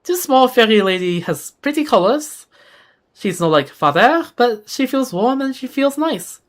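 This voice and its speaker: A reader voicing a small, shy fairy creature with a mock French accent, soft, hesitant and childlike, in a fan reading of game dialogue. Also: mid-range voice, big pitch swings, unhurried, pitched above the performer's own voice.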